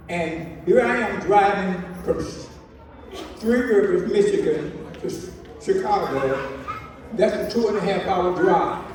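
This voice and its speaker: High-voiced preacher man spinning a story, far off mic in a big echoey hall. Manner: lively storyteller acting out dialogue. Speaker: reverend telling a personal story. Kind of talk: storytelling speech at a celebration. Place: large hall.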